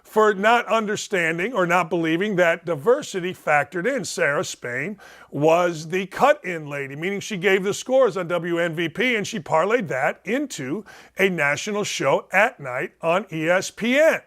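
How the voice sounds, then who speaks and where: A man's voice: high voice, lively intonation, normal speed, a bit bright. A man hosting a sports talk show, delivering a blunt, sarcastic, ranting monologue.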